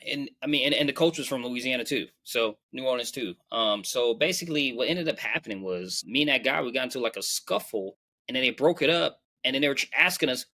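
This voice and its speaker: A man's voice: mid-range voice, lively intonation, a little fast, bright, forceful tone. A young man hosting a podcast, telling personal stories in a rambling, slangy way and often repeating his phrases. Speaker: podcast host. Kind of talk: casual storytelling monologue.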